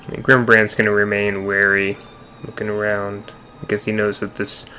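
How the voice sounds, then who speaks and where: Low-voice guy playing a tabletop game, calm and kinda cautious. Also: moderate pace, slight background noise. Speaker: player. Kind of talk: tabletop role-play.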